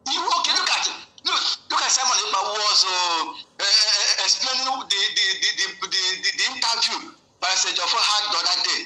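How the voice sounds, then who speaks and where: A male guest delivers heated political commentary in a high-pitched, bright, forceful voice that is animated and a little fast. He rants with many repeats and restarts, recorded in an echoey room.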